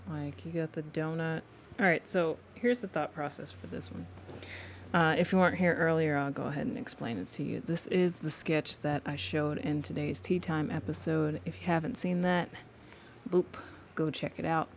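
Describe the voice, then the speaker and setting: A woman's voice: sits low, fairly even intonation, moderate pace, gravelly, a little hiss or hum. A young woman chatting casually with her viewers while she draws live, laughing often and calling them y'all. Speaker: livestreaming artist.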